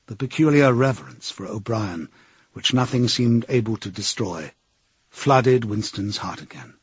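Husky-voiced man reading an audiobook. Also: mid-range voice, expressive, moderate pace, no room sound, dull audio. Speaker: audiobook narrator.

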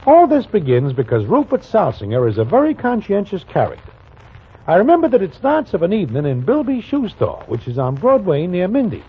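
A man's voice: sits high, wildly swooping pitch, a little fast, husky, full character voice. An actor playing a streetwise male narrator of a 1940s radio drama, in slangy present-tense storytelling. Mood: wry. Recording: lo-fi old radio broadcast with music.

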